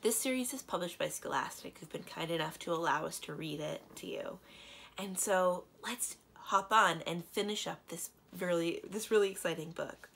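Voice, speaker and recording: A woman librarian reading a children's book aloud in a gentle, steady storytelling manner. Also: on the low side, moderate pace, creaky, slight background noise.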